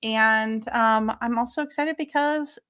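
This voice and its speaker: A woman's voice: fairly high pitch, a little slow, a bit bright, clear, resonant tone, no echo. A young woman co-hosting a podcast livestream, chatting casually with easygoing, giggly banter. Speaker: podcast co-host.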